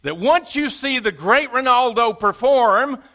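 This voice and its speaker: A male preacher voicing a pushy psychiatrist in a sermon joke, pressing and excited. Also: extremely high pitch, unhurried, voice pushed up, exaggerated voice. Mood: urging. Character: eager male psychiatrist pitching a circus show.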